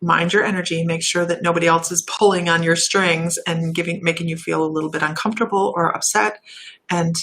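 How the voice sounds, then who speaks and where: A woman giving intuitive readings on a live stream, chatty and warm, laughing at herself and drifting off topic. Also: lowish voice, fairly even intonation, brisk, slight background noise. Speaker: intuitive reader and shaman.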